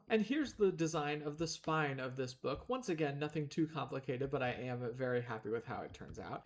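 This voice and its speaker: Chatty young man streaming a game. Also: medium pitch. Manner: chatty, rambling, talks while eating. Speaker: gaming streamer. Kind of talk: casual gameplay commentary.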